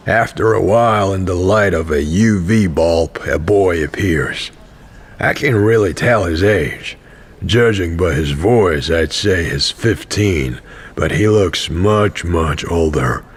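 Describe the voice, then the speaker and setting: A man's voice: low voice, breathy edge, full character voice. A man narrating an audio drama as a tired, cynical wandering pilgrim. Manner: dry, tired, slow narration. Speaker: narrator and main character.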